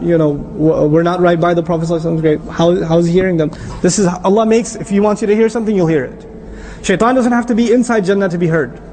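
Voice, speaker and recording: A man giving a lively religious talk on Qur'an verses, asking the audience questions and reciting Arabic phrases. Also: a little high, a little hiss or hum. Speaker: Islamic lecturer.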